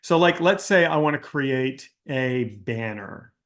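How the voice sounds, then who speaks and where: A man's voice: mid-range voice, slow. A man coaching an online class in a live Q&A, ranting with exasperation and mimicking people in mocking quotes, then walking through a screen-share demo. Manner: calmer screen-share tutorial delivery. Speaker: business coach hosting a live Q&A.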